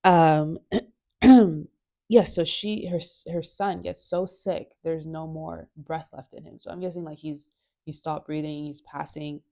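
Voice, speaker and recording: Host, female, low pitch, mellow tone, casual and laughing, a bit under the weather. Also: steady tone, unhurried, gravelly. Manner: chatty, laughs often, swears, playful asides. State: sick. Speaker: host of a Bible study show. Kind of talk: casual Bible reading and chat.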